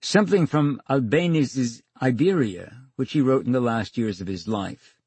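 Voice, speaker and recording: A man's voice: medium pitch, normal speed, a little mellow, slightly rough, no room sound. An older man telling stories as a guest in a radio interview, acting out the dialogue with dry wit. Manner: theatrical storyteller, acts out dialogue, wry. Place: radio studio.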